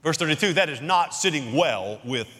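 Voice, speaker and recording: Male pastor, slightly high bright voice, expository sermon with emphatic pauses in a church sanctuary. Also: animated. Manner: expository Bible teaching, emphatic dramatic pauses. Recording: long hall reverb.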